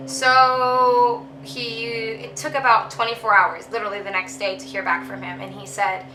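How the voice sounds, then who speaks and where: A woman's voice: on the high side, flat delivery, moderate pace, echoey room, noisy background. A young woman casually telling a personal story as a vlogger, chatty with lots of ums and you knows.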